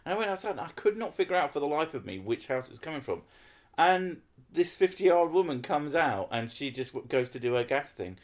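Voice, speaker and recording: A man's voice: fairly high pitch, sing-song, fairly quick. A man hosting a casual podcast chat, swearing a lot and ranting with sarcasm. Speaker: podcast host.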